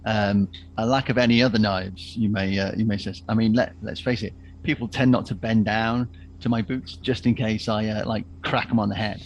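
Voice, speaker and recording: Male player, low pitch, hesitant in character, faint hum behind. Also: fairly even intonation, moderate pace, highs cut off. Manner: hesitant, stammering. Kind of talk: playing a character in a tabletop game.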